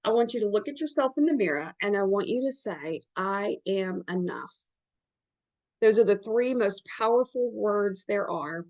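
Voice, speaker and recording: A woman with a Southern Alabama accent, a therapist giving encouraging advice on a video call and repeating her points with emphasis. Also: medium pitch. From Alabama, USA. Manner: warm encouraging, emphatic repetitions. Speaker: therapist hosting a group session.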